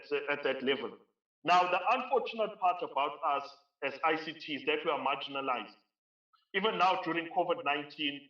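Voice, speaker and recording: South African male keynote speaker, emphatic, pitched a bit high, roomy far-off lo-fi recording. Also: pushed and bright. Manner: emphatic, repeats phrases for stress. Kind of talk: conference keynote speech. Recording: roomy, distant, dull lo-fi sound.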